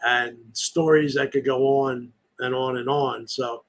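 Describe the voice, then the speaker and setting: A man's voice: medium pitch, fairly even intonation, measured pace, fairly bright tone, rough recording. Rambling man reminiscing on a podcast. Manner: rambling, nostalgic storytelling. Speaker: podcast host. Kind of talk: casual reminiscing chat.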